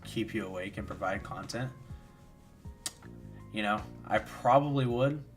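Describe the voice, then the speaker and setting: A man's voice: on the low side, a little slow, faint music behind. A tired young man streaming, rambling casually with lots of fillers while he answers chat and commentates games. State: tired, yawning. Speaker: streamer hosting a watchalong.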